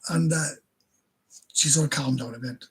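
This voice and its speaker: A man's voice: on the high side, moderate pace, slightly rough, rough recording. A Welsh man hosting a live stream, telling crude stories, swearing constantly and laughing as he goes. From Wales. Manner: crude, swears constantly, laughs mid-story, stumbles and restarts. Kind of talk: casual storytelling to viewers.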